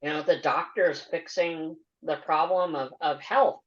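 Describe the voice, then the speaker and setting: A woman hosting a podcast interview, earnest and measured as she asks questions and comments. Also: low voice, fairly even intonation. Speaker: podcast host. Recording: dull lo-fi audio.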